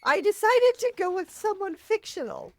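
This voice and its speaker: A woman's voice: very high voice, big pitch swings, moderate pace. Playful woman co-hosting a podcast. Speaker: podcast co-host. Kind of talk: casual podcast banter.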